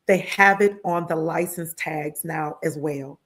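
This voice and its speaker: Woman, lowish register, emotional interview guest who voices other people in her stories. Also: measured pace. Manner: animated, acts out other people's lines in her retelling; heartfelt and emotional, with religious exclamations. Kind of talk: conversational storytelling interview.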